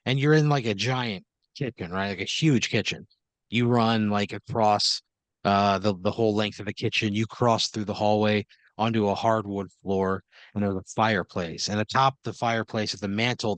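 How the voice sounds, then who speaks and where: Low-voiced man narrating an improv comedy story. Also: a bit bright, dry recording. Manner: casual, laughing narration full of "like" and "right?". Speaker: host and game master.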